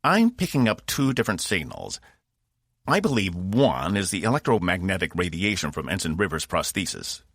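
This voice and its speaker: A man's voice: deep voice, very animated, moderate pace, a bit bright, no room sound, studio quality, heavily acted. A man voicing a boastful, teasing male robot with a put-on Cockney voice in an audiobook. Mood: matter-of-fact. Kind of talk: audiobook narration.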